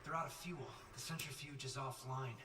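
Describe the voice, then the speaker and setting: A man's voice: mid-range voice, moderate pace, roomy sound, music in the background, lightly acted. A man voicing a tense ship crewman. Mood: urgent. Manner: urgent, explanatory. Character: tense male ship crewman briefing on failing engines. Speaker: spaceship crew member. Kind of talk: video game dialogue. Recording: distant game audio, clear noise.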